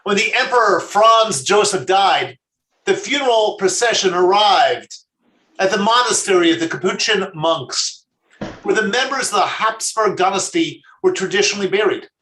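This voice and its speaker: Rabbi guy, pretty high voice, telling a sermon story slow and steady, echoey room.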